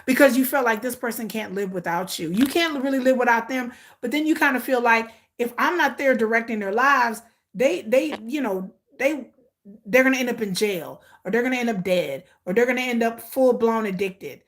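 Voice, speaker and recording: A woman's voice: fairly high pitch, normal speed. A woman, talking casually to viewers, telling stories and acting out quotes. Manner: animated storytelling, acts out quotes. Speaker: commentary vlogger.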